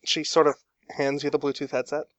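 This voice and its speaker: A man narrating as game master in a tabletop game over an online call, pausing often to search for words. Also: a little high, flat delivery, fairly bright tone, no room sound. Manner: halting, filler-heavy. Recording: dull, dry online call audio.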